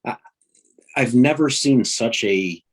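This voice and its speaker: A man's voice: medium pitch, husky. A middle-aged man from the northern United States, a voice actor being interviewed on a podcast, talking casually with many restarts. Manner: halting, many restarts and laughs. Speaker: voice actor guest.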